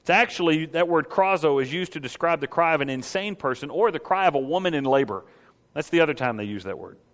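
Man, pastor, sermon, animated, rhetorical questions, slightly high voice, long hall reverb. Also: quick pace.

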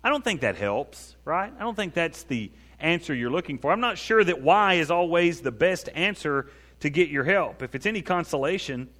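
A male pastor's fairly bright, slightly high voice stays animated at normal speed as he preaches conversationally, acting out prayers. The recording has a large hall's long reverb.

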